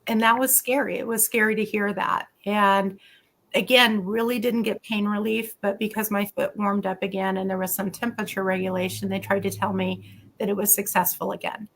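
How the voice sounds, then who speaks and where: Woman with a gravelly voice telling her story. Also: medium pitch, normal speed, a little hiss or hum. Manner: candid, animated storytelling with quoted dialogue. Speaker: guest, physician and former pain patient. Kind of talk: conversational storytelling in an interview.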